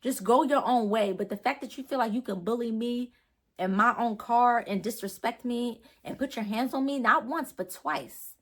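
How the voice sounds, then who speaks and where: A woman's voice: on the high side, moderate pace. A young woman vlogger telling a personal story in a rambling, earnest way, full of fillers and restarts. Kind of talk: storytime vlog.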